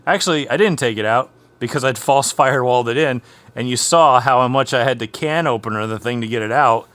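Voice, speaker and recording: A man's voice: mid-range voice, brisk, fairly bright tone, dry recording. A man hosting his own garage vlog, chatting casually and telling an amused, rambling story while working on an old race car. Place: home garage.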